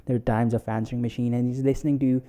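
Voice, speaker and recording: Guy doing a self help podcast alone, very dark mellow voice, lots of uh and restarts while he tells a story. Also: mid-range voice, flat delivery, fast talker. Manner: storytelling with frequent fillers and restarts, acting out quotes. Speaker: podcast host. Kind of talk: solo self-help talk.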